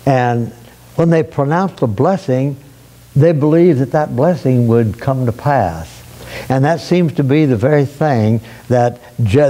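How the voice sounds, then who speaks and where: A man preaching a sermon, retelling a story in an unhurried, folksy way with frequent restarts and repeated words. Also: mid-range voice, warm tone.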